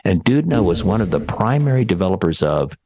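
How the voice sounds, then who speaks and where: A man hosting a tech talk show in casual chat, enthusiastic and exclaiming with big jumps in pitch. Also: big pitch swings, fairly quick, darkish tone. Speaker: radio show host.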